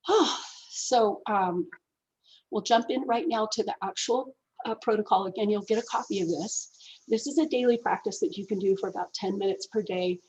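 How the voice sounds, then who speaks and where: A woman's voice: mid-range voice, normal speed, darkish tone, a little hiss or hum, low-quality recording. A woman teaching a gratitude class, effusive and emotional, laughing often as she explains.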